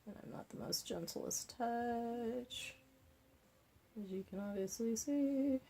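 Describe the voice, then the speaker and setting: Chatting casually while she paints, a craft vlogger thinks aloud about her choices and drops in playful asides. Her voice is on the high side, gravelly, husky and dark in tone, and she takes things slowly.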